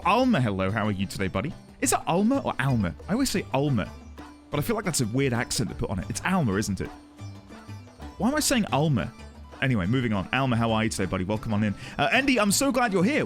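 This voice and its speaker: A man streaming live, chatting earnestly and emotionally with his audience and greeting viewers by name. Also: mid-range voice. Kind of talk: casual chat with a live audience.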